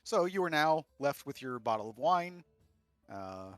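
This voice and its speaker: A man's voice: mid-range voice, very animated, unhurried, fairly bright tone, smooth, no echo, soft background music. A man running a tabletop game as game master, talking loosely with many fillers. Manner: loose and filler-heavy, laughing easily.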